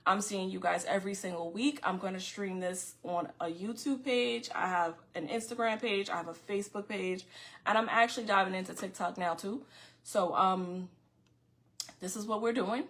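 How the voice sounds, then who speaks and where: A middle-aged woman from Queens, hosting a casual livestream podcast and talking fast and loud to her viewers with frequent restarts. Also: mid-range voice. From Far Rockaway, Queens, New York. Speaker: podcast host.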